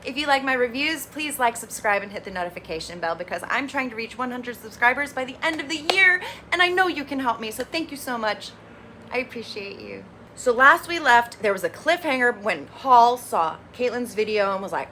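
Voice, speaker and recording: A woman hosting a casual TV recap vlog, animated and opinionated, with lively, candid commentary. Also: on the high side, moderate pace, slight background noise. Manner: animated, opinionated, acts out quotes. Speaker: recap reviewer, channel host.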